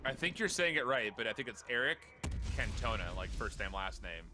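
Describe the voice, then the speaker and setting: A man's voice: mid-range voice, sing-song, brisk, noisy background. A man working as an esports commentator, laid-back and chatty, laughing often as he talks with his co-caster. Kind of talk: casual game commentary and banter.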